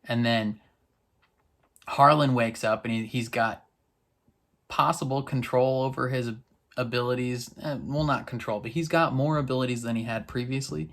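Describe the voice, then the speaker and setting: Male reaction vlogger, mid-pitched voice, casual rambling recap, excitable and loose. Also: normal speed, vocal fry.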